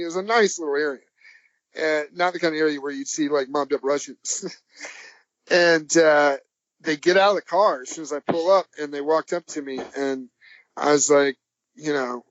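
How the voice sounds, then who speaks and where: A man on a podcast as the guest, telling a long anecdote in a rambling, halting way, chuckling as he goes. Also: on the high side, dry recording. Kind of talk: anecdotal storytelling. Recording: dull, dry lo-fi audio.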